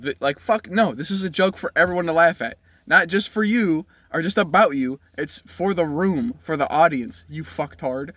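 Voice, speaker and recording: A man's voice: on the high side, animated, normal speed, fairly bright tone, no echo. A man, ranting bluntly and profanely from inside his car. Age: 20s. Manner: blunt, profane, heated rant. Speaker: vlogger. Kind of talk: ranting commentary.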